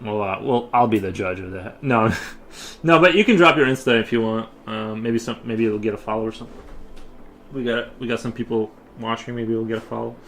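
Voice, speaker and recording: Slightly fast and fairly bright, a medium-pitched man's voice rambles through a casual livestream chat as he draws at his home studio. Fillers and restarts come often, and there's slight background noise.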